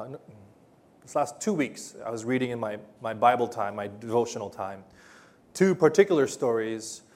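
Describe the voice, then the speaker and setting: A man preaching a sermon, telling Bible stories in a hesitant way with many pauses and fillers. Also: medium pitch. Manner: hesitant, many ums and uhs, gentle storytelling. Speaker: pastor.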